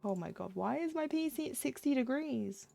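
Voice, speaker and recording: A woman's voice: sits high, lively intonation, normal speed, vocal fry, warm tone, soft background music. A woman streaming her cross-stitching, chatting casually and ranting, laughing often as she talks at her desk. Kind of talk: casual chat while stitching.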